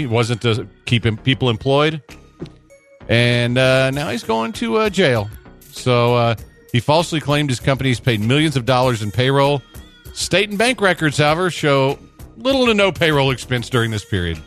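A man's voice: mid-range voice, fairly bright tone. A man hosting a sports radio show, talking in loose casual banter with lots of restarts. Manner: rambling, frequent restarts and uhs.

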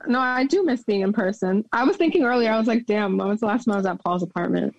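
A speaker co-hosting a podcast, easygoing and quick to agree in casual chat among friends. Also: mid-range voice, creaky, muffled recording.

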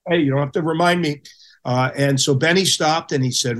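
A man's voice: fairly high pitch, brisk. A middle-aged man, a former hockey goaltender, telling stories as a podcast guest and acting out the people he quotes. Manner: animated storyteller who acts out quotes. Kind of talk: casual storytelling.

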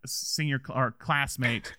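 A man's voice: mid-range voice, fairly even intonation, a little slow, pushed and bright, no room sound. A man casually chatting about a movie as a podcast co-host, rambling with many restarts and laughs.

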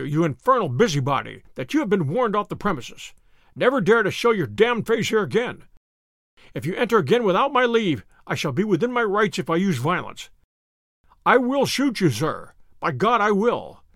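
A man voicing a furious, bristling old army colonel who shouts threats in an audiobook reading. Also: high voice, big pitch swings, brisk, dry recording, studio quality, heavily acted.

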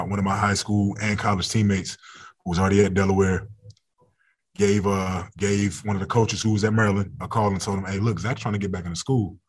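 A man's voice: on the low side, slightly rough. A young adult man, a football player, talking casually in an interview, laid-back and often laughing.

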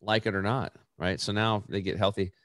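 A middle-aged man hosting a podcast, chatting casually and animated, acting out quotes in high voices. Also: moderate pace, no echo, clean studio sound. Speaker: podcast host. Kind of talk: casual interview chat.

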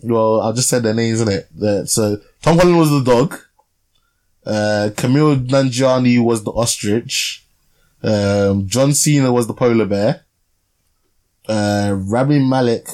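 A young man co-hosts a podcast, chatting casually about a film in a relaxed review full of fillers and tag questions. His voice is medium in pitch with a darkish tone, and he speaks at a measured pace.

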